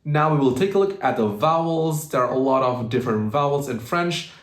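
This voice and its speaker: A man giving a pronunciation lesson, slowing down to demonstrate each sound. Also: medium pitch, animated, roomy sound. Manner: slow, exaggerated demonstration of sounds. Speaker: language teacher.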